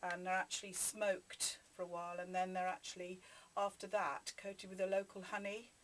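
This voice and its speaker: A woman guest on a radio show, explaining a dish gently and hesitantly with many ums. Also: lowish voice, flat delivery, normal speed, a little hiss or hum. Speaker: studio cooking guest. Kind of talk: cooking demonstration chat. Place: radio studio.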